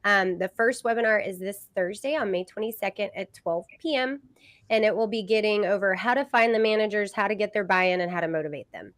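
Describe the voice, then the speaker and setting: A woman's voice: medium pitch, a little fast, fairly bright tone, no echo. Chatty Southern woman hosting, dry sound. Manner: chatty, many fillers. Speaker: host. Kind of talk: casual live podcast hosting.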